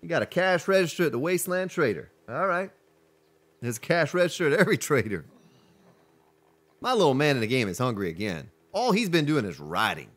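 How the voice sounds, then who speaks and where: Chatty male game streamer with a lively voice. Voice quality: deep voice. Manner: chatty, reads chat aloud, greets viewers. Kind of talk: casual live-stream commentary.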